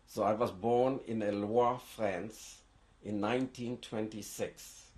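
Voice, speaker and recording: Older man giving halting testimony. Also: lowish voice, fairly even intonation, darkish tone. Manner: halting, with repeated restarts. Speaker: interviewee. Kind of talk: oral history testimony.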